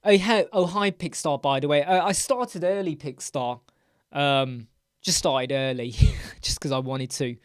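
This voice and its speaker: A man hosting a live Q&A stream, chatty, rambling and quick to get excited as he reads out and answers viewers' comments. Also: on the high side, clean tone, no echo, studio quality. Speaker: host.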